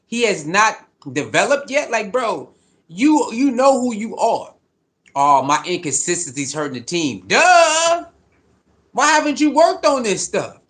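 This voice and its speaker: A fired-up man rants about his football team, cursing and repeating himself to drive his points home. His voice sits high and swoops around constantly. He sounds like a commentator who is fed up. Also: fairly bright tone. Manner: fired-up, profane, repetitive. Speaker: sports commentator. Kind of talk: heated sports commentary rant.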